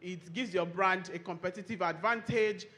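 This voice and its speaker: Nigerian lady lawyer on stage, chatty and teasing the crowd, bright forceful voice. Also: lowish voice, normal speed. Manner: lively, chatty, teasing the audience. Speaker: lawyer and law firm co-founder speaking at a tech conference. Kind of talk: conference presentation with audience interaction.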